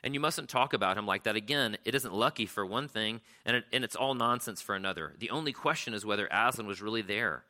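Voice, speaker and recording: Male reader plays a responsible eldest brother in a storybook; steady and reassuring. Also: fairly low pitch, fast talker, hardly any pauses.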